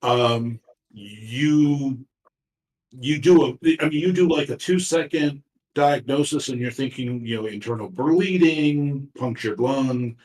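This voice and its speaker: A man narrating a tabletop game as game master, talking haltingly with many fillers and restarts. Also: medium pitch, a little mellow. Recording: roomy echo, far from mic.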